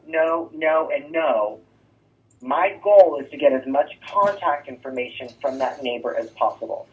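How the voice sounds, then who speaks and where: Guy coaching agents on sales scripts, keeps saying right?, kinda high voice, sounds thin like a phone and far from the mic. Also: highs cut off, noisy background. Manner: coaching, rhetorical "right?" asides. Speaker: real estate trainer. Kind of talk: sales training talk.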